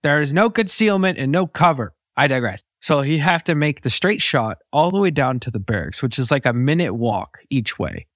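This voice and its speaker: A man's voice: medium pitch, expressive, normal speed, few pauses, a bit bright, no room sound, clean studio sound. Profane, blunt man telling a story. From Texas, US. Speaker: podcast host. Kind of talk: casual storytelling monologue.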